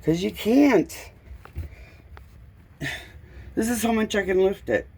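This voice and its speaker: A woman's voice: mid-range voice, slow, a little mellow, husky. Annoyed lady showing off a botched closet on her phone, drawls along, cusses a bit. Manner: exasperated, swearing, pointing things out. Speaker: homeowner filming a complaint video. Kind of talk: casual walkthrough narration. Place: indoors, small closet in a home.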